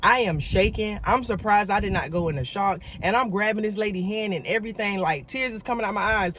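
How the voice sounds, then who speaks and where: A woman telling a story in a casual vlog, emphatic and animated, talking straight to her viewers and repeating words for emphasis. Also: mid-range voice, fairly quick, a little hiss or hum. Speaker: vlogger.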